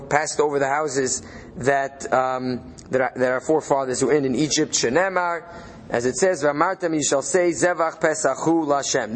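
A man's voice: fairly high pitch, a little hiss or hum. A man leading a study session, reading out Hebrew phrases and translating them as he thinks aloud. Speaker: Torah study leader.

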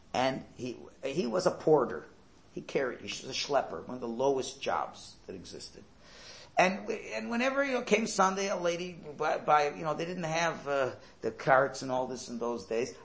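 A man telling a Hasidic folk tale in an animated, chatty way, sprinkling in Yiddish words and asides. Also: mid-range voice, gravelly. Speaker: storyteller.

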